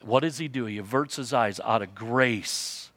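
A man's voice: mid-range voice, moderate pace, no room sound. Impassioned male preacher, dry sound. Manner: impassioned, rising to emphatic peaks then dropping to hushed lines; repeats for emphasis, asks the listeners questions. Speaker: pastor. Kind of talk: sermon.

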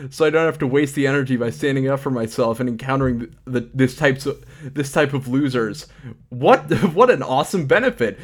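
A man co-hosting a comedy podcast, reading forum posts aloud and joking, laughing often. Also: mid-range voice. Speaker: podcast co-host.

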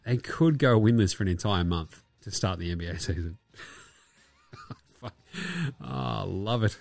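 A man's voice: fairly low pitch, measured pace, creaky, a little mellow, no room sound. Sweary man ranting about basketball. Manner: profane, sarcastic, with mocking put-on quotes. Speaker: podcast host. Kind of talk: ranting sports commentary.

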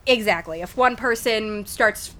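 A woman's voice: fairly high pitch, measured pace. Woman running a tabletop game, easygoing, lots of ums. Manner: relaxed, rambling with fillers. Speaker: game master.

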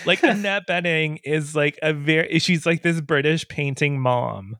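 A man's voice: a little high, unhurried, a bit bright, no echo, clean studio sound. A man co-hosting a podcast, chatting casually and gossiping with frequent giggles. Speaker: podcast co-host. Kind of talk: casual chat.

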